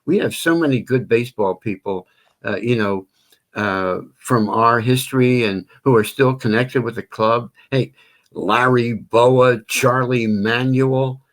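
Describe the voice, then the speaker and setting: An older man who works as a stadium announcer, chatting on an interview call, speaking gently with many pauses. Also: mid-range voice. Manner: drawn-out melodic announcer delivery when calling names. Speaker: stadium public address announcer. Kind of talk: phone-in interview chat.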